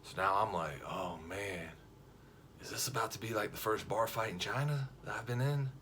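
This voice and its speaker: A man casually telling a funny story to camera, lively and jokey, acting out the other people's lines as he goes. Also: lowish voice, moderate pace, slight background noise. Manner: animated, jokey, frequent restarts and quoted voices.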